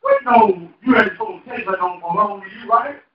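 A high-voiced male pastor preaches in a folksy, joking way and keeps quizzing his congregation. His voice is caught from some distance in a roomy hall, and the sound is dull. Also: expressive, moderate pace. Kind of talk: preaching a sermon. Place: church hall. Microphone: handheld microphone.

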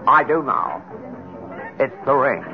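An actor playing an earnest, smooth-talking general in a 1970s radio drama. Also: male voice, medium pitch, animated, slow pace, over music. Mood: urgent. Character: earnest suave general, lover at court. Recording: muffled old radio broadcast.

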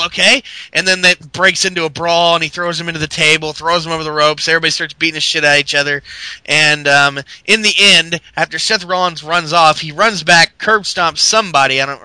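A man's voice: fairly high pitch, bright, forceful tone, clean tone, no room sound, poor audio. A man co-hosting a podcast, rambling through a wrestling recap in casual, profane chat. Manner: rambling storyteller acting out quotes, profane. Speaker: podcast co-host.

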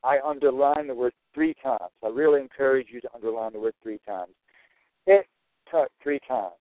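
A man's voice: mid-range voice, moderate pace, no echo. Man, Bible teacher, emphatic, repeats himself, dry close sound, tinny lo-fi audio. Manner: emphatic, repeats key points.

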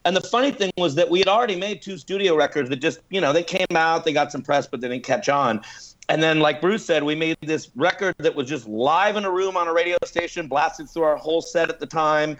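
A man's voice: fairly high pitch, fairly quick, dull audio. A man telling stories as a guest musician in a casual interview, acting out the quotes of others. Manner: animated storyteller acting out quotes. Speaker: guest musician in a punk band.

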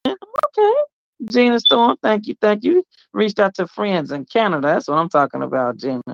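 A man hosting a call-in show, animated and laughing, hyping up his callers with slang. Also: high-pitched, brisk, vocal fry, dry recording. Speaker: radio show host. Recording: dull lo-fi audio.

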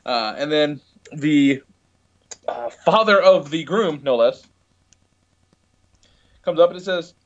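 A man's voice: on the high side, lively intonation, slow pace, pauses often. Laid-back man on a muffled call. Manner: rambling storyteller, swears freely, laughs often. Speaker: podcast co-host. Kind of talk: casual chat. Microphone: video call from a tablet.

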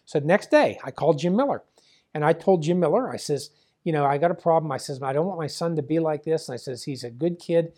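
A man's voice: fairly high pitch, animated, quick pace, dark tone. Chatty older man telling a long story. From Pittsburgh area. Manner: chatty, many fillers, acts out quoted dialogue. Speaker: guest, former wrestling promoter. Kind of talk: rambling storytelling.

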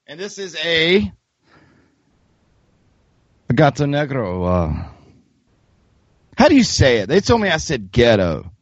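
Southern-accented male podcast host, animated jokey delivery, dry dull lo-fi sound. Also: a little high, measured pace, long pauses, breathy edge, dry recording. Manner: joking, animated storyteller. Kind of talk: casual podcast chat.

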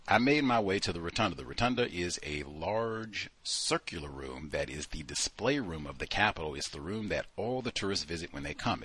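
A man hosting a book club discussion, reading passages aloud and commenting on them in an animated, exclaiming way. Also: sits low, slightly rough.

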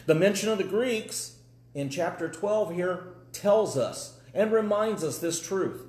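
A man's voice: sits high, animated, measured pace, darkish tone, echoey room. A man preaching a live sermon in a folksy, conversational way, with dry humor.

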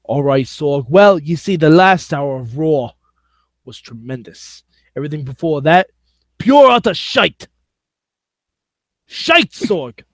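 A man's voice: sits high, wildly swooping pitch, fairly quick, few pauses, husky, no echo, studio quality, voice pushed up, heavily acted. A man putting on an exaggerated English accent as a mock-posh character.

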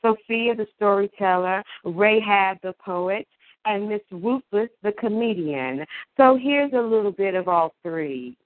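A woman's voice: mid-range voice, animated, dry recording. Woman performing spoken word by phone. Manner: emphatic, playful wordplay, deliberate delivery. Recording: tinny phone line.

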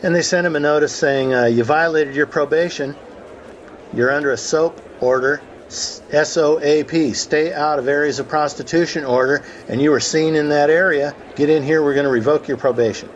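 A man's voice: fairly high pitch, moderate pace, dull audio, a little hiss or hum. A man hosting a conference call, telling a courtroom story in a conversational way and acting out the quotes. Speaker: host of a call about the law.

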